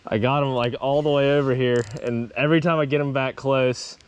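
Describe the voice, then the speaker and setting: A young man hosting an outdoor fishing vlog by a small creek, excitable and quick to laugh, calling out catches as they happen. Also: mid-range voice, highs cut off. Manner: excitable, laughs often, says dude. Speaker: fishing channel host.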